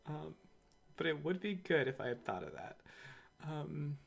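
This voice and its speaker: Hesitant, soft-spoken player in casual tabletop game chat. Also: medium pitch, big pitch swings, measured pace, vocal fry.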